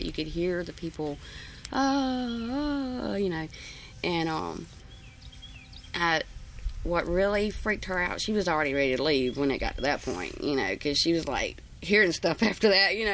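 A woman recounts an old story in casual, rambling fashion. Her voice is low and gravelly. Faint noise sits under the recording. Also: fairly bright tone. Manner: rambling, folksy, many fillers. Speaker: interviewee.

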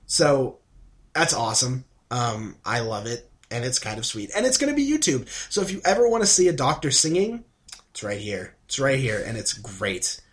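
A man co-hosting a podcast, recapping an episode in an excitable, gushing way and acting out the characters' lines. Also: medium pitch, moderate pace. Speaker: podcast co-host. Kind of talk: casual podcast chat.

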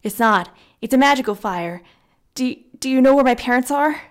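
A woman voicing a grieving, desperate young man who speaks in a raised, forceful voice in an audiobook. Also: fairly high pitch, slow.

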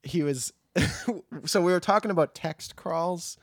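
A man hosting a casual movie podcast, chatting in a relaxed, rambling way with friends. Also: fairly high pitch, slow, no echo, clean studio sound. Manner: shouty over-the-top hype intro, then relaxed chatty rambling. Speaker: podcast host.

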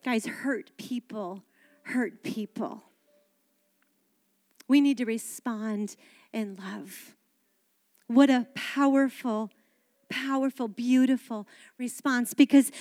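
A woman pastor preaching a sermon on stage, animated and dramatic, acting out quotes. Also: sits high, measured pace. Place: church stage.

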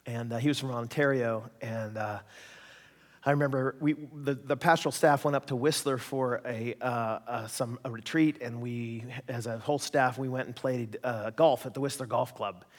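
A man preaching a sermon, telling stories in a lively, joking way and acting out voices. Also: medium pitch, moderate pace. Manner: animated, jokey, acts out voices in stories. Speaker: pastor. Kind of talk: sermon with storytelling. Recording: long hall reverb.

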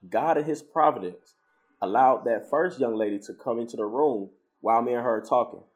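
A man's voice: mid-range voice, fairly quick. A man telling a personal faith story in casual talk, acting out the voices of the people he quotes. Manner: storytelling, animated when quoting others.

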